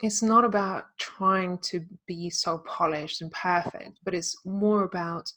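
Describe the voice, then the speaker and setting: A woman's voice: lowish voice, fairly even intonation, measured pace, a bit bright. A woman hosting a podcast interview, chatting casually and encouraging her guest. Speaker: podcast host.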